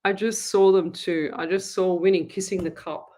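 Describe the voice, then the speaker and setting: A woman's voice: fairly low pitch, fairly even intonation, normal speed, dark tone. A middle-aged woman, a psychic medium hosting a live show and chatting through viewer comments in an upbeat way. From Australia. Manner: chatty, upbeat, thinks aloud. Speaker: psychic medium radio host.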